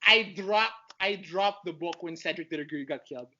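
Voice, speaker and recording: A man chatting as a podcast guest in an excitable, rambling, fannish way. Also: high voice, moderate pace, muffled recording. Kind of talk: casual chat.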